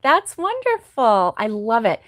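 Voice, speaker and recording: A middle-aged woman chats unhurriedly with her live viewers about crochet, reacting to their comments with sympathy and frequent laughter. Her voice sits a little high. The sound is dry and close, with no room echo. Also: wildly swooping pitch, a little slow, a bit bright. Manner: chatty, sympathetic, laughs often. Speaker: crochet livestream host. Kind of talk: casual live chat reading viewer comments.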